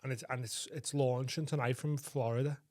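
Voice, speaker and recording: A man's voice: medium pitch, steady tone, a little fast, a little mellow, dry recording, studio quality. A man co-hosting a comedy podcast, tipsy from vodka, telling crude rambling stories and laughing a lot. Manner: giggly, crude, rambling storyteller. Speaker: podcast co-host.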